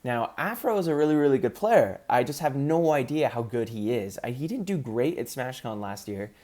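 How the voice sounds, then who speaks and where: A man's voice: medium pitch, animated, moderate pace, a little mellow. A man in casual commentary, ranking competitive gamers in an upbeat, chatty way with frequent ums.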